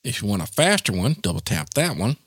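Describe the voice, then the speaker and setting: A man's voice: lowish voice, very animated, fairly quick, husky. A man giving a casual spoken tutorial in a chatty, informal way, with plenty of asides. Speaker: tech tutorial presenter.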